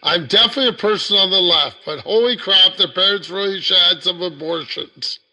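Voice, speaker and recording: A man's voice: sits high, fairly quick, sharp tone. A man from Canada, chatting casually with dry, sarcastic quips. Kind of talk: casual chat. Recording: long hall reverb.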